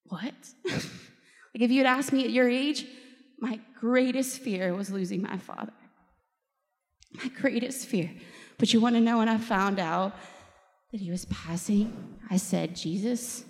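A woman's voice: on the high side, measured pace, long pauses. Woman speaker giving a faith talk in a big reverby hall, candid and emotional, laughs a lot. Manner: candid and emotional, laughs often, quotes people in lively voices. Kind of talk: personal faith talk to a live group.

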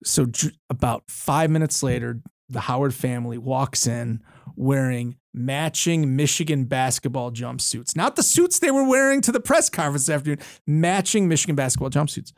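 A man's voice: mid-range voice, moderate pace, no room sound, studio quality. A man in his thirties, a lawyer and guest, telling a story in a casual interview with frequent restarts and fillers. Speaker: university board chair and lawyer, guest. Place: studio.

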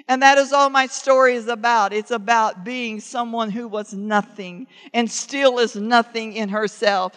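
A middle-aged woman preaching a sermon with impassioned fervor that builds to loud, urgent declarations. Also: on the high side, steady tone, unhurried, few pauses, clean tone. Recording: long reverb of a large hall.

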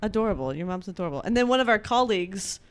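A woman's voice: mid-range voice, animated, racing, smooth. A woman hosting a podcast in casual chat with coworkers, playful and laughing often. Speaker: podcast host.

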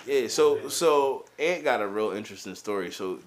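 Lively laughing male podcast host. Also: lowish voice, moderate pace. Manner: profane, laughing storyteller. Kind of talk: casual comedic banter.

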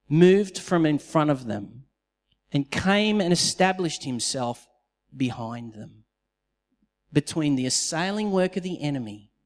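A man with a high, light voice delivers an animated sermon, swinging from quiet asides to loud, acted-out quotes. His words ring out with the long echo of a big hall. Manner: animated storytelling with dramatized quotes. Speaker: pastor. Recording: long reverb of a large hall.

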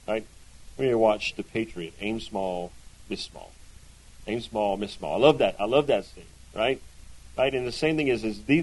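A man teaching a Bible class to a group. He talks in a loose, conversational way, asks his listeners questions and keeps checking in with a quick "right?". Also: mid-range voice, darkish tone, rough recording.

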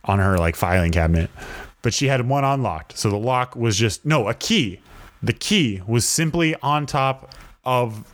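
A man's voice: mid-range voice, animated, measured pace, fairly bright tone. A young man co-hosting a podcast, telling stories casually and acting out quotes in raised voices. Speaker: podcast co-host. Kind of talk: casual storytelling chat.

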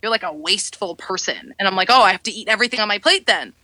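Lively, bright-voiced woman telling stories. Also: fast talker, no echo. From United States. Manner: animated storyteller, acts out quotes in high voices. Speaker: podcast guest. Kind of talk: casual chat.

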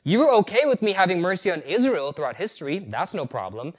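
A man's voice: high-pitched, sing-song, fast talker. A male preacher voicing God as a patient deity, pressing with pointed rhetorical questions. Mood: confronting.

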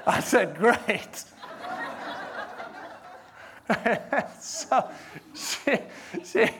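A man preaching a sermon as pastor, animated, swinging between loud emphatic lines and hushed ones, laughing through his stories. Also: sits high.

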